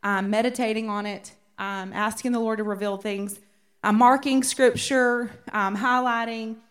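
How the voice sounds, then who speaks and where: A woman's voice: on the high side, fairly even intonation, unhurried. A woman teaching a women's Bible study in a conversational way, often checking in with her listeners.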